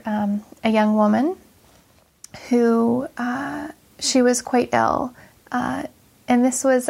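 A woman's voice: a little high, gravelly, a little mellow. A woman nurse earnestly sharing a personal faith story in a casual chat, reflective and full of fillers.

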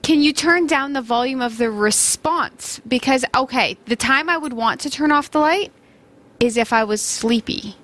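A woman co-hosting a casual chat, eager and quick to react with delight. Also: high-pitched, a bit bright. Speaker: co-host.

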